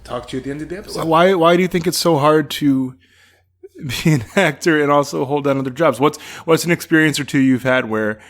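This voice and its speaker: A man in his twenties hosting a podcast, upbeat and quick to laugh, introducing the episode in casual chat. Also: a little high. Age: 20s. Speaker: podcast host. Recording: echoey room.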